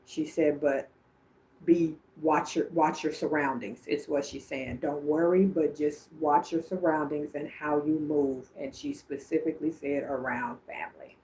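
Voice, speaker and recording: A woman with a low voice talks through a psychic reading on a livestream. She chats casually and greets viewers by name, and there is a faint hiss in the background. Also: steady tone, unhurried, warm tone. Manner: chatty, answering viewers by name.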